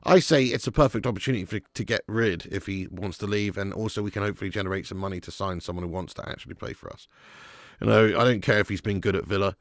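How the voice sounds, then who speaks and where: A man's voice: on the low side, fast, no echo, studio quality. A man hosting a live football watch-along, chatting with viewers by name and commentating with sarcasm.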